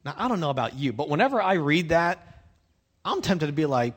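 A man's voice: on the high side, big pitch swings, fairly quick, slightly rough. A man pastor giving a conversational, self-deprecating sermon, dropping into slang and casual asides.

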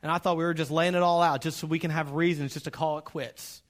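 A middle-aged man, a pastor, preaching a sermon, animated and humorous, acting out bits of dialogue and speaking straight to the congregation. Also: fairly high pitch, fast talker. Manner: animated, acts out quoted dialogue; humorous, direct address to the audience.

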